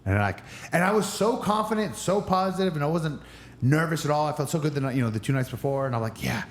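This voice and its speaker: A man's voice: expressive, fast talker. Man telling a story, acting out voices. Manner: acts out other people's lines with raised pitch. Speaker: podcast guest. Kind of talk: animated storytelling.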